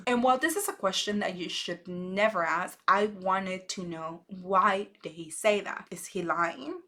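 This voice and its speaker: A woman's voice: mid-range voice, fairly bright tone. A woman hosting a recap vlog, chatty and opinionated as she gossips through a show episode. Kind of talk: casual gossip commentary.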